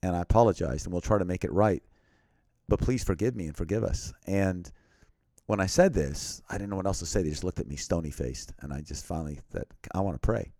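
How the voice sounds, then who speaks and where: A man earnestly telling a personal story as an interview guest, often dropping to a quiet, grave tone. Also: low-pitched, brisk, no room sound, studio quality.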